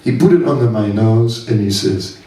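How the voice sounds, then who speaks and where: With a fairly low, dark voice and lively intonation, a monk delivers a storytelling seminar in a summer camp hall. He speaks slowly and anecdotally, chuckling frequently. The recording is distant and echoey, with an audience audible.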